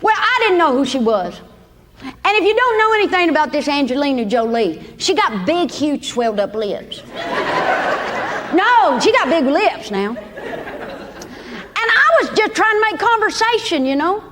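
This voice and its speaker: A woman's voice: high-pitched, very animated, normal speed, pauses often, fairly bright tone, big-room sound. A woman from Kentucky with a Southern accent, doing a folksy, sassy stand-up set on a club stage. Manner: folksy, sassy drawl with big shifts into mock quotes. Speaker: stand-up comedian. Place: comedy club stage with live audience. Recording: live club recording with crowd laughter and noise.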